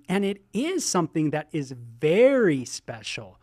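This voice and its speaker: Animated male pastor, dry close sound. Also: a little high, measured pace, few pauses, no room sound. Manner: animated, exclaims and voices imagined listener reactions; many ums and you-knows. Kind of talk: sermon teaching.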